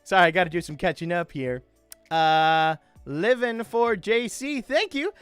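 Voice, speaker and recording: A man's voice: sits high, animated, measured pace, fairly bright tone, clear, resonant tone, dry recording, faint music behind. Chatty young man reading viewer requests. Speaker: livestream host doing voice impressions. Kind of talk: casual live-stream chat.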